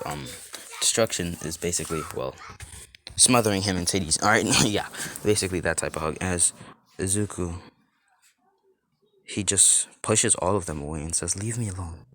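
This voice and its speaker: Man, deep voice, rambling storyteller, casual improvised fan story, faint background hiss. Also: fairly bright tone. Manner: rambling, full of "like" and restarts. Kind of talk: improvised fan-fiction narration.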